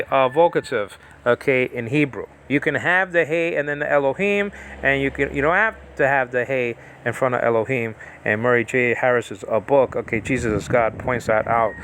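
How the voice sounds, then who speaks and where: A man's voice: medium pitch, fairly bright tone, slight background noise. Rambling man teaching a Bible study. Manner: rambling, checks understanding often, many fillers. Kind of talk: informal Bible study lesson.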